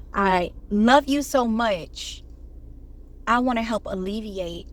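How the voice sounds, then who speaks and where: A woman delivers a casual motivational talk straight to her viewers. She speaks in a preachy, conversational way, quoting scripture and calling her audience "y'all." Her pitch sits in an ordinary middle range. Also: slight background noise. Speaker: online commentator.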